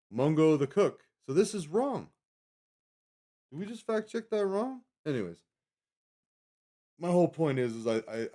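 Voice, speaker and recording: A man's voice: medium pitch, mellow. A man hosting a livestream, chatting casually and rambling with lots of fillers and self-corrections. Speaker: livestream host.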